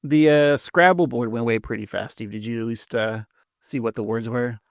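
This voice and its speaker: A man co-hosting a podcast in relaxed, rambling chat, laughing often. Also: mid-range voice, normal speed, creaky, no echo, studio quality. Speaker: podcast co-host. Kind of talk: casual chat.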